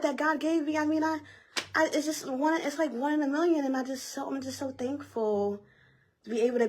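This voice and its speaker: A young woman vlogger telling a personal story in a casual, animated, slangy way. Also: high-pitched. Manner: animated, repeats herself, slangy and conversational.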